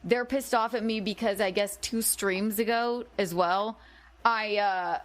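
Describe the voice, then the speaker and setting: A woman's voice: medium pitch, steady tone, unhurried. A woman streamer defending herself indignantly on a livestream.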